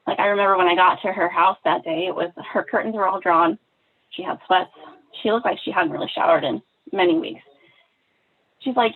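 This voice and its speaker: Woman, podcast guest, heartfelt storytelling, animated, tinny phone-line sound. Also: fairly low pitch, a little fast. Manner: animated, acts out quoted dialogue. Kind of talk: emotional personal storytelling.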